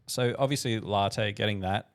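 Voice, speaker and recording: A man's voice: lowish voice, normal speed, dry recording. A man, the podcast guest, talking about his drinks brand in a laid-back, agreeable casual chat. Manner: laid-back, agreeable, lots of short "yeah"s.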